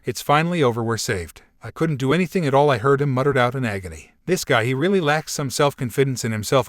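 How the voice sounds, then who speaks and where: A man's voice: mid-range voice, no room sound. Man reading fan fiction, dry close mic. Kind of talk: first-person story narration.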